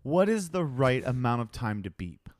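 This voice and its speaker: A man co-hosting a podcast, chatting casually and jokingly, acting out quotes in lively voices. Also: mid-range voice, moderate pace, dry recording, clean studio sound. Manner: animated, jokey, acts out quotes. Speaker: podcast co-host. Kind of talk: casual chat.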